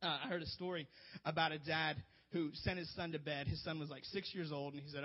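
A youth pastor preaching in an earnest, emphatic voice that sits a little high for a man. He urges his listeners directly and mixes in light humor. The sound is dull and lo-fi. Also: fairly even intonation, a little fast. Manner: earnest, emphatic, joking asides. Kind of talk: sermon.

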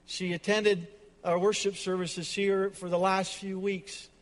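A man's voice: high-pitched, level tone, measured pace, big-room sound. A man preaching a sermon as pastor, dramatic and emphatic with repetition, in a church.

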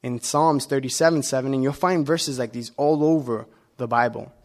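A man delivering a conversational sermon as a preacher, relaxed and personal, pausing often with fillers and restarting his sentences. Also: mid-range voice. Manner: relaxed and personal, with many filler pauses and self-corrections.

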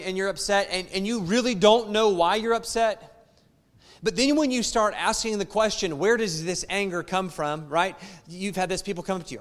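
A man's voice: a little high, fairly bright tone, long reverb tail. A man preaching a sermon as pastor, repeating phrases and asking the congregation rhetorical questions. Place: church.

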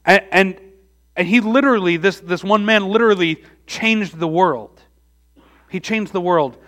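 A man delivers a heartfelt sermon in a high-pitched voice. He talks earnestly with frequent restarts and repeated words, falling to near-whispers before swelling again. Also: a little slow, a bit bright. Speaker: pastor.

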